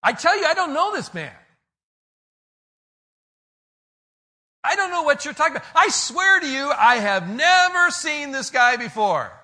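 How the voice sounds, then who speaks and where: A preacher putting on a panicked man who shouts his denials, his voice shooting up high and loud as he swears he has never seen the man. The tone is bright and cutting. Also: sing-song, normal speed, full character voice. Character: frantic male apostle denying his teacher.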